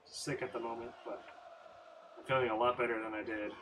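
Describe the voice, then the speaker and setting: A man's voice: mid-range voice, little pitch movement, brisk, a bit bright. A man with a stuffy, sick-sounding voice, chatting casually as he reacts live and reads viewer messages. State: stuffy from a cold. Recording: distant mic with clear background noise.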